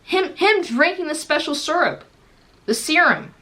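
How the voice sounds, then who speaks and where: A young woman from the United States talks through a casual reaction commentary in a high, lively voice. She fires off rhetorical questions and swings her pitch widely as she goes. Her tone is bright and forward. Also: measured pace. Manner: animated, rhetorical questions, frequent laughter.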